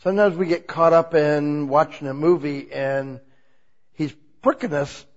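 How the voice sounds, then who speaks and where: A man preaching an informal, conversational sermon, asking the congregation many questions and swinging between quiet asides and loud, emphatic lines. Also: fairly high pitch, steady tone, a little slow, lo-fi sound. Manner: asks the listeners many rhetorical questions.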